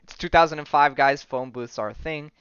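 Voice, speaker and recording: A man's voice: on the high side, a little fast, fairly bright tone, clear, resonant tone, no echo, muffled recording. A young man hosting a casual podcast, rambling through a comic book story with laughs and acted-out lines. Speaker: podcast host.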